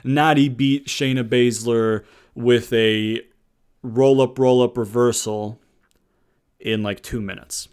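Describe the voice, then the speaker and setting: A young man reviewing a wrestling show in a casual rant, swearing often and swinging between loud outbursts and muttered asides. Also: medium pitch, fairly even intonation, takes it slowly, smooth.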